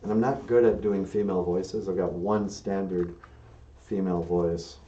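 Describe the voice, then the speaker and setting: A low-voiced man chats casually on his live stream, rambling and self-deprecating, with a mellow tone. His voice sounds dull and lo-fi, with echo from the room around him. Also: fairly even intonation, normal speed. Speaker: puppeteer and stream host.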